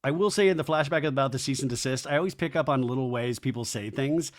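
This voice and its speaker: A man hosting a podcast, recapping reality TV in an animated, gossipy way and swearing. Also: mid-range voice, fast talker. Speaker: podcast host.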